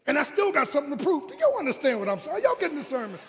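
A man with a strikingly high voice preaches a lively storytelling sermon, mixing humor with calls to his congregation. His voice rings with the long reverb of a church sanctuary, over faint background noise. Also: rapid-fire. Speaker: pastor. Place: church sanctuary, live service.

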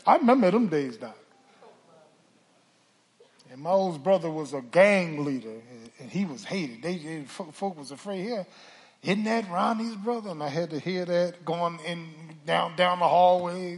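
Older male pastor, raspy and high, preaching with call-and-response in a reverberant sanctuary. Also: moderate pace. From Philadelphia. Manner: call-and-response preaching, swings from hushed to shouting. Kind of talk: sermon. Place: church sanctuary. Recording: church hall reverb.

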